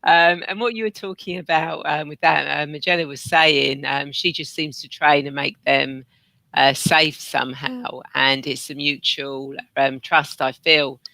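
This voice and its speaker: Bright, slightly high-voiced male host. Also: steady tone, a little slow, creaky, no room sound. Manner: hesitant, lots of ums, reads out listener comments. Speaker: podcast host. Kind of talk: casual interview chat.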